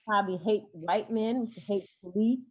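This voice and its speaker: Halting woman therapist, dull lo-fi sound. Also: medium pitch, breathy edge. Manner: hesitant, many fillers and restarts. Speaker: therapist guest. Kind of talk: interview talk.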